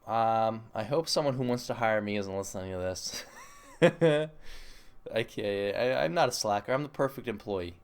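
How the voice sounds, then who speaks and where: A man's voice: lowish voice, a little fast, hardly any pauses, clear, resonant tone. A young man hosting a solo podcast, chatting casually in a rambling, self-mocking, jokey way. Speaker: podcast host.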